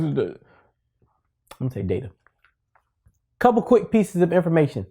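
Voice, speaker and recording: A man's voice: mid-range voice, expressive, brisk, darkish tone. A man hosting a casual video lesson for teachers, talking in a playful, conversational way full of asides. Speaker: teacher and education video host.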